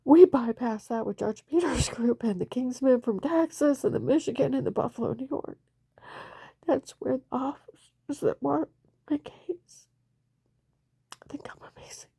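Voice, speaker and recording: A woman's voice: high-pitched, moderate pace, creaky, mellow, breathy edge, no room sound, clean studio sound. A woman speaking in a rambling, emotional personal monologue, often dropping into a whisper.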